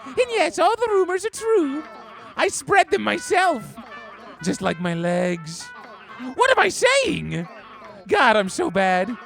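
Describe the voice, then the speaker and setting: Flamboyant gossipy game neighbor, campy, theatrical, very high voice, wild swoops in pitch. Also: male voice, huge pitch swings, vocal fry, fairly bright tone, soft background music, full character voice. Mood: flirty, campy. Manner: campy, theatrical, drawn-out delivery. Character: flamboyant gossipy male cat-town neighbor. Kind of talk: game character dialogue.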